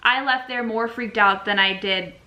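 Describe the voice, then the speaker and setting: A young woman casually telling a story on her vlog with her partner, chatty and animated, acting out what people said. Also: on the high side, normal speed, rough recording. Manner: animated, chatty, acts out quotes.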